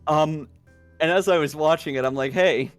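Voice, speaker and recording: Co-hosting a live stream, a man with a fairly high, clear, resonant voice tells a rambling anecdote at a moderate pace, swearing plenty and giggling. The recording is dry, with faint music behind.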